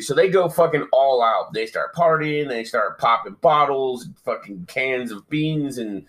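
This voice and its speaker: A man's voice: mid-range voice, lively intonation, unhurried, few pauses, fairly bright tone, poor audio. A man co-hosting a podcast in casual chat, swearing freely and joking as he retells a story. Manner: profane, joking, mocks old-timey speech. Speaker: podcast co-host.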